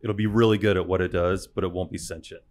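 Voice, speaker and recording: Deep-voiced podcast co-host, man. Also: fairly even intonation, quick pace, a little mellow. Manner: dry, wisecracking. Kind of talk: casual chat. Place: podcast studio.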